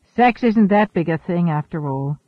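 A man's voice: high-pitched, lively intonation, no echo. A man reading the lines of a weary, ageless male seafarer among space travelers in an audiobook. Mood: hurt, halting. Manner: earnest, halting. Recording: thin phone-like dry audio.

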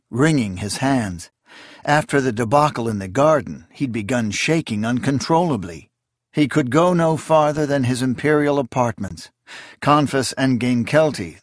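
A man reading a fantasy novel aloud in a measured, expressive style. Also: medium pitch, no room sound, clean studio sound. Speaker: audiobook narrator. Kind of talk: scripted fantasy narration.

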